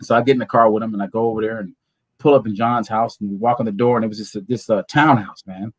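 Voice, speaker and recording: A man telling a lively, slangy story in an interview and acting out what other people said. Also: on the low side, fast. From Southern California. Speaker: guest bodybuilder.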